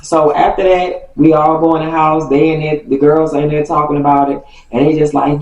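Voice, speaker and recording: Animated woman telling a storytime. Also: low-pitched, brisk, lo-fi sound, a little hiss or hum. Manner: animated, self-correcting, laughing as she tells it. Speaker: storytime vlogger. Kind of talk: casual storytime. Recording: roomy echo, voice far from mic.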